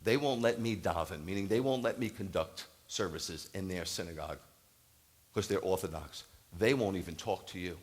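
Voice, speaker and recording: Male rabbi, lower voice, lively storytelling sermon, voices the other people in the story, builds to emphatic preaching. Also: normal speed. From United States. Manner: animated, acts out quoted dialogue, rises to emphatic preaching. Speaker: Messianic rabbi. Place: congregation hall, addressing a live audience.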